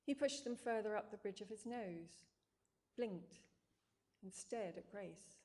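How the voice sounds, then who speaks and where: A woman reading fiction aloud in a calm, measured, dryly wry way. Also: medium pitch. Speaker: narrator. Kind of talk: scripted narration.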